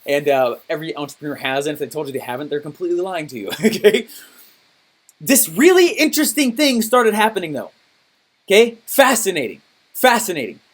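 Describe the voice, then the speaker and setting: Animated male business coach telling stories. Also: a little high, brisk. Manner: animated, acts out his own past reactions; checks in often with "okay?" and "right?". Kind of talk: coaching call storytelling.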